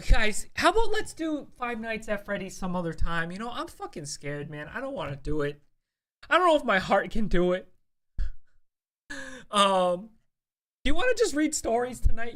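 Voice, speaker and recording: Young streamer, casual live chat, animated voice with big pitch swings, cusses a lot, rambling. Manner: chatty and animated, swears, many fillers and restarts. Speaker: streamer host.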